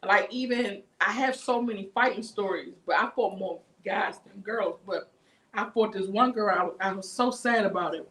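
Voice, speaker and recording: Animated, profane D.C. woman. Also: medium pitch, moderate pace. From Washington, D.C. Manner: animated, profane, acts out quotes. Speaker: livestream host. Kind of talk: casual livestream chat, storytelling.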